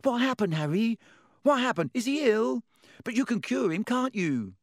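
Excited little boy fan, high and breathless, a man reading, dry close. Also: moderate pace, dry recording, exaggerated voice. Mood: eager. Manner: breathless, eager, high-pitched.

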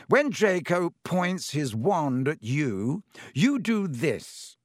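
A man voicing a vain, flustered, showy male wizard teacher in a fussy, theatrical manner, raised higher than his own voice. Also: very animated, takes it slowly, dry recording, studio quality, full character voice.

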